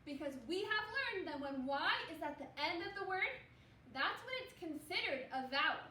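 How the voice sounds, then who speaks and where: High, bright-voiced woman teaching phonics. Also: expressive, roomy sound, distant mic, slight background noise. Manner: slow, encouraging, sounds out letters for children to repeat. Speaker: second grade teacher. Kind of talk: phonics lesson for young children.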